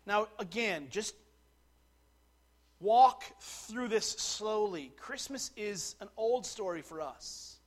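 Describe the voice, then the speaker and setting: A man preaching a sermon, dropping to quiet asides and rising to loud, slowed declarations. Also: sits high, animated. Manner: slows right down to stress key words. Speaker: pastor.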